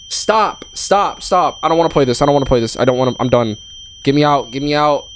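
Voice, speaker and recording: A man giving live gameplay commentary on a horror game in casual slang. He is jumpy and excitable, and yelps when something startles him. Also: on the high side, a little fast, slight background noise. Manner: casual slang, calls the game bro and dog. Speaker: streamer playing a horror game. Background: game music.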